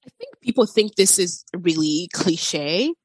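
A woman's voice: on the low side, lively intonation, unhurried, husky, no echo. Effusive woman guest with a cold. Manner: effusive and affirming. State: congested from a cold. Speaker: podcast guest. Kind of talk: casual chat.

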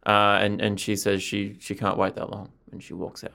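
A man co-hosting a podcast in casual chat, halting and hesitant as he recaps. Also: on the low side, monotone, vocal fry, sharp tone. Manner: hesitant, halting, many restarts. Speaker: podcast co-host.

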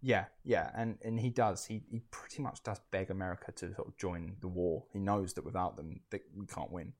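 Low-voiced man, blunt and sweary. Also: brisk. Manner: blunt, swears, stumbles over restarts. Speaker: podcast host. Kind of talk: casual history podcast chat.

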